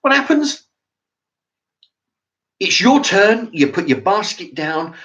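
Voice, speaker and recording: A man's voice: sits high, very animated, takes it slowly, fairly bright tone. Exasperated swearing man, lo-fi. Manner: exasperated, swearing, acts out both sides of arguments. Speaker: channel host. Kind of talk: ranting monologue. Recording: dull lo-fi sound.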